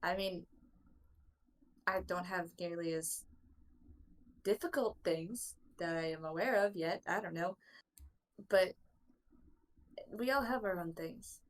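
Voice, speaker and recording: Firm, emphatic low-voiced woman in character. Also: takes it slowly, long pauses. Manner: firm, emphatic, repeats for weight. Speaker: tabletop role-play player. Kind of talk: in-character role-play.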